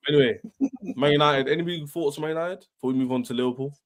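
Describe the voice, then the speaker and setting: A man's voice: fairly high pitch, fast talker. A man hosting a casual football debate, talking in a slangy, laid-back way. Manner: slangy, laid-back London street talk. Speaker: podcast host.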